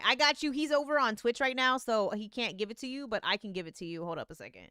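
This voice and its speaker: Excitable, foul-mouthed woman streamer, bright voice. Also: medium pitch, normal speed, smooth, no echo, clean studio sound, some chatter behind. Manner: excitable, profane, laughs often. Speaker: host of a live music review stream. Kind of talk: casual live-stream commentary.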